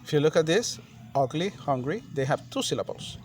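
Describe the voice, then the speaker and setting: A man teaching a grammar lesson, repeating and spelling out words slowly and deliberately. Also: fairly high pitch, animated, faint music behind. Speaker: English teacher.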